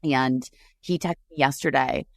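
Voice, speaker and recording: A woman's voice: rumbling low, steady tone, a little slow, creaky, dry recording, studio quality. A woman co-hosting a podcast remotely, comforting her friend in a rambling, tearful way. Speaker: podcast co-host. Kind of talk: casual chat. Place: separate room, remote recording.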